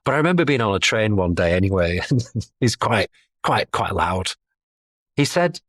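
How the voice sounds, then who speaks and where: A man's voice: lowish voice, very animated, brisk, fairly bright tone, no echo, studio quality. A middle-aged man, talking as a guest in a casual podcast interview, chatty and self-deprecating. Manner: chatty, self-deprecating, laughs between thoughts.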